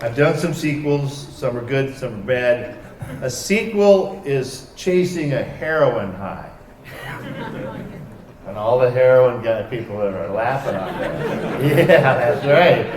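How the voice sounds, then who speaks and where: A man on a convention stage telling wry, animated anecdotes to a live audience, acting out the dialogue in them. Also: medium pitch, takes it slowly, some chatter behind. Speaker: convention panel guest. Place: large convention arena stage. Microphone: heard from far off by a camera in the hall. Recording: echoey hall recorded from far off.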